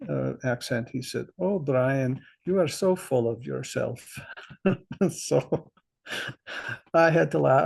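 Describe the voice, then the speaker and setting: A man's voice: mid-range voice, gravelly, a little mellow, slightly rough. An older man telling stories from his career as a guest in a conversational interview, reflective and chuckling at himself. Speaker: interview guest, insurance veteran.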